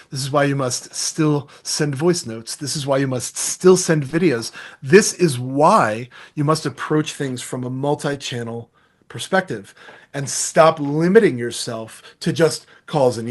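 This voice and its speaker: A middle-aged man giving a sales masterclass, energetic and acting out sample phone calls as he teaches. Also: medium pitch, a little slow. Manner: energetic, acts out calls and quotes. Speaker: sales trainer. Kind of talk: masterclass talk.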